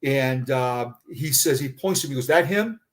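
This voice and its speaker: A middle-aged man, a retired police officer, telling a personal story in conversation, halting and often repeating words. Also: medium pitch, fairly even intonation.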